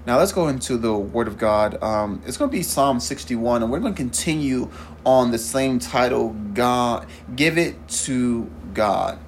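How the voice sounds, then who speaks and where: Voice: medium pitch, animated, measured pace, slight background noise. A podcast preacher praying and preaching earnestly, repeating phrases and asking the listeners questions. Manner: fervent, repeats "Father God" often. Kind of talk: prayer and sermon.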